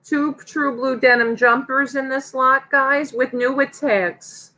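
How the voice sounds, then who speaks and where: Southern woman auctioneer, high and unhurried, upbeat bid calling. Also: steady tone, bright, forceful tone, rough recording. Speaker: auctioneer co-host. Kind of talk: live online auction calling.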